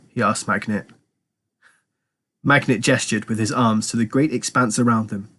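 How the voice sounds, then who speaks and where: A man, a teacher, reading a novel aloud to children in steady, clear storytelling narration. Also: mid-range voice, fairly quick. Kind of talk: audiobook read-aloud narration.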